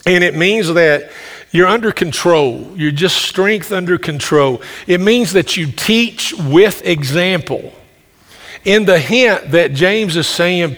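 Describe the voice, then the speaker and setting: A man preaching a sermon, telling stories in a loud, carrying voice with many restarts. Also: high-pitched. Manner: folksy storytelling with frequent restarts. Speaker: pastor. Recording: long reverb of a hall.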